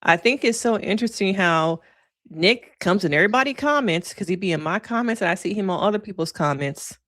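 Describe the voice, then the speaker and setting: A woman's voice: mid-range voice, lively intonation, a little fast, fairly bright tone, no echo, clean studio sound. A woman therapist giving casual, frank livestream commentary with plenty of slang and laughter. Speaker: therapist reviewing reality TV.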